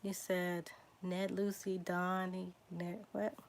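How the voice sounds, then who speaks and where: A woman with a Southern drawl hosts a relaxed livestream at an unhurried pace. She reads names aloud, spelling some letter by letter, and chats casually with her viewers. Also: on the low side, gravelly, slight background noise. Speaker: genealogy livestream host. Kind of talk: casual livestream reading surname lists.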